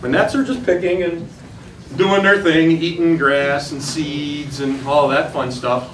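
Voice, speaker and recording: Unhurried and fairly high-pitched, the man keeps his pitch mostly flat, and his tone is fairly bright. He's a turkey hunting instructor from the Upper Midwest of America, demonstrating outdoors for hunters in a plain, folksy, step-by-step manner. There's roomy, distant sound with faint ambience and slight background noise.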